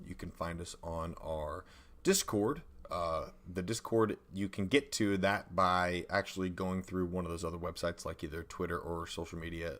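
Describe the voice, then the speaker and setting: A man's voice: low voice, fairly bright tone. A man co-hosting a tabletop gaming podcast, chatting casually and reading out where to find the show. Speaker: podcast co-host. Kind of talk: casual chat.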